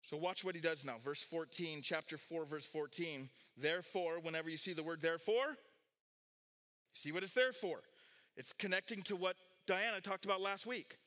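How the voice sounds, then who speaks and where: Animated high-pitched man preaching. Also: normal speed. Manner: animated preaching, rising loud on key points, dropping low and quiet for asides. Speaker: pastor. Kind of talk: sermon.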